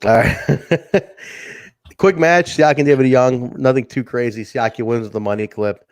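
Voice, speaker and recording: A man co-hosting a wrestling review podcast, talking in a casual, animated way, laughing often and acting out quotes. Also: medium pitch, unhurried. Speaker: podcast co-host.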